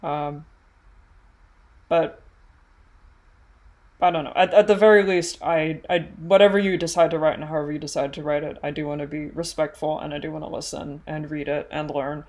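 A woman's voice: deep voice, fairly even intonation, moderate pace, pauses often, a little mellow. A woman co-hosting a podcast in casual chat, earnest and hesitant, with many ums and giggles.

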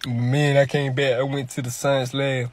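A young comedy streamer talks into a webcam on a video chat, telling loud, rambling comic stories packed with slang and laughing at his own jokes. His mid-range voice stays fairly flat in pitch, and he takes his time.

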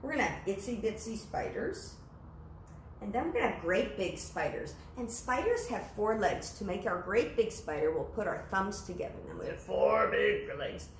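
A middle-aged woman with a Southern US accent, a librarian gently leading a children's sing-along, singing and chatting playfully. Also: mid-range voice, wildly swooping pitch, normal speed, slight background noise. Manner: gentle, playful, sings then chats. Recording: roomy sound with faint ukulele.

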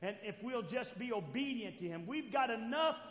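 A man preaching a sermon as pastor, swinging between loud calls to the church and quiet asides. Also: very high-pitched, lively intonation, moderate pace. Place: church sanctuary. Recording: echoey church hall.

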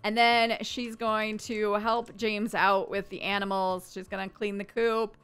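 A woman's voice: mid-range voice, little pitch movement, measured pace, fairly bright tone, smooth, faint music behind. A woman giving casual, chatty commentary while playing a life-simulation game, narrating her characters and now and then voicing them playfully. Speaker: gaming YouTuber.

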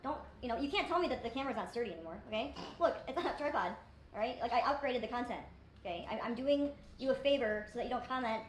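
A woman's voice: on the high side, expressive, fast talker, slight background noise. A woman YouTuber chatting casually on her vlog, rambling and self-deprecating, full of fillers. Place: indoors in a rented place with friends. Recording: echoey room.

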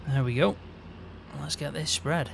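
A man's voice: fairly high pitch, a little slow, vocal fry, slight background noise. A man in casual game roleplay, chatting as a farm hand in an easygoing way with mild swearing.

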